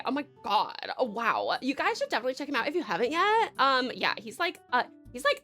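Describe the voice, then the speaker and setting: A woman's voice: sits high, sharp tone. A young Australian woman from Tasmania live-streaming, gushing, swearing and thanking her viewers. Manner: bubbly, gushing and sweary, with frequent laughs.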